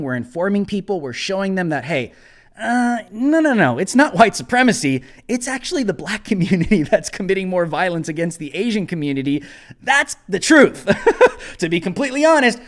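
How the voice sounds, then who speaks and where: A man with a notably high-pitched voice hosts a live commentary show. He talks bluntly and combatively and hammers his points by repeating phrases. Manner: emphatic, repeats phrases for emphasis. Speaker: host.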